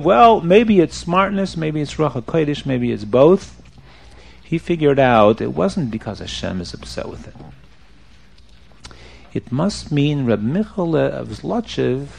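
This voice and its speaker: A man telling a story to children, animated and checking that his young listeners are following along. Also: medium pitch, gravelly.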